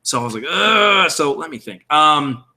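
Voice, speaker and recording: Man, live-stream tutorial, casual and rambling, thinks out loud, answers chat, bright ringing tone. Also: mid-range voice, normal speed. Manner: rambling, self-correcting, thinks aloud; reads viewer chat aloud and answers. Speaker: streamer building a game character. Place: room at home with window blinds.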